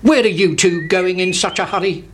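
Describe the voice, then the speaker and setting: A storyteller putting on a brisk male rooster in a children's story, asking questions in a quick, proud way. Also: medium pitch, background noise, natural voice. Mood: curious. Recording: bird chirps behind.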